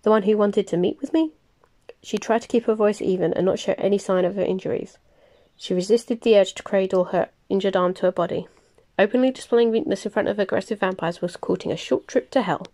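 A woman reading a novel aloud, plain and unhurried, with small slips she corrects as she goes. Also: mid-range voice, mellow. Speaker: reader. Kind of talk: audiobook-style novel reading.

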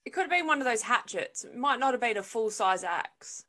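Bright, lively woman chiming in. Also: on the high side. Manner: quick, laughing interjections. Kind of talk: casual chat.

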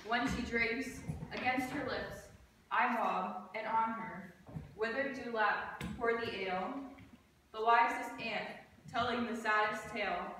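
A woman's voice: a little high, sharp tone. A young woman voicing a mischievous male sprite and reciting his verse in a classroom rehearsal. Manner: reciting verse lines with emphasis. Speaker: student actor. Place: school classroom. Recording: echoey room, far from mic, background noise.

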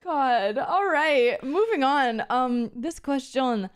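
A woman with a somewhat high voice hosts a livestream in casual chat. She jokes crudely and giggles often, playing at running a class. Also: takes it slowly, clear, resonant tone. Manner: giggly, crude, playful teacher act. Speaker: streamer co-host.

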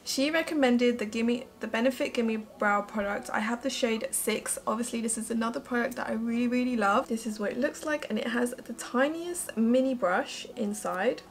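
A woman's voice: on the high side, moderate pace, hardly any pauses. A young woman chatting through a makeup tutorial as a beauty vlogger, gushing and emotional. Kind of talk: casual makeup tutorial chat.

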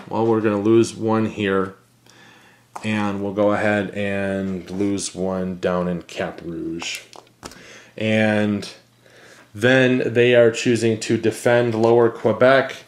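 A man hosting a board game channel, thinking aloud with many fillers and reading cards as he plays a solo game. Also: fairly low pitch.

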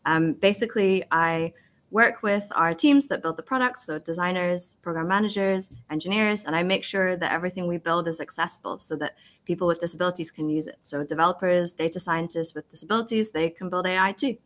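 A woman's voice: fairly low pitch, fairly quick, a bit bright. A woman guest on a tech show, talking modestly and good-humoredly about her accessibility work. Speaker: guest, accessibility design program manager. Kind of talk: interview conversation.

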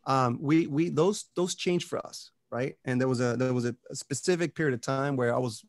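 A man with a gravelly, creaky voice, sitting in as a guest on a podcast. He talks with the drive of a motivational speaker and keeps checking in with his listeners as he goes. His voice sits at an ordinary male pitch and sounds dry and close. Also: moderate pace, no echo. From Puerto Rico and the US. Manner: energetic motivational speaker, peppers talk with "right?" and "you know". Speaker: interview guest. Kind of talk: casual podcast conversation.

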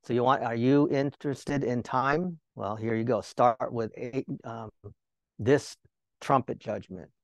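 A man's voice: mid-range voice, a little slow, no echo. Man teaching a sermon, dry sound. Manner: rhetorical questions to listeners; conversational, joking asides. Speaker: Bible teacher.

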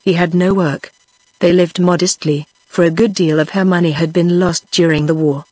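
A text-to-speech female narrator with a British accent reads the book in an even, measured way. Her voice is a touch husky and breathy. The sound is dry, with no room around it. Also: fairly low pitch, no echo. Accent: British English. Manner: even, measured synthetic reading. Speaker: audiobook narrator.

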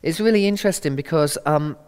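A man's voice: fairly high pitch, brisk, darkish tone, smooth, big-room sound. A middle-aged man giving a conversational, earnest sermon talk, acting out quotes as he goes. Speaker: Christian speaker.

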